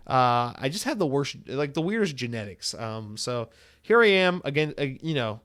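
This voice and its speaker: A man's voice: medium pitch, expressive, moderate pace, fairly bright tone. Casual, candid man hosting a podcast. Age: 30s. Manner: rambling and candid, swears freely, acts out quoted people. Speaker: podcast host. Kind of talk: casual solo podcast monologue.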